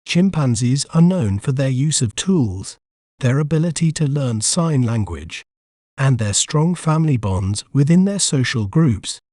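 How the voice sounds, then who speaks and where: Slow, mellow-voiced pronunciation host. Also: male voice, mid-range voice, lively intonation, no room sound, studio quality. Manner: slow, measured, spelling words out syllable by syllable. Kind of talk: scripted educational narration.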